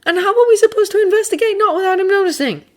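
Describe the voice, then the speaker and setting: A woman voicing a sharp-tongued, exasperated schoolboy wizard who groans and deadpans. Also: very high-pitched, racing, voice pushed up. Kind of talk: fan audiobook character voice.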